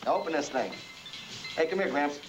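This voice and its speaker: A man's voice: on the high side, animated, a little fast, lightly acted. An actor playing a pushy, brash man trying to bribe his way through a locked door. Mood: wheedling. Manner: brash, wheedling, then shouting. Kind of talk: 1950s period film acting. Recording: distant film audio with music behind.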